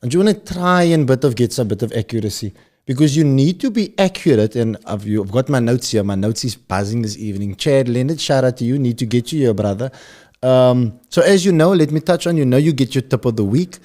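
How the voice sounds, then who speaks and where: A man's voice: medium pitch, animated, a little fast, dark tone. A man in his thirties with a Cape Town South African accent, hosting a podcast in a rambling, upbeat way that speaks straight to the audience. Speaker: podcast host. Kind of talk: casual chat.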